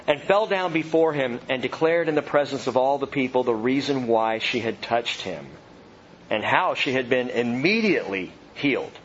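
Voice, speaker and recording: A man in his thirties, a pastor preaching an expository sermon, reading scripture aloud and then explaining it. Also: mid-range voice. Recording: dull lo-fi sound with faint noise.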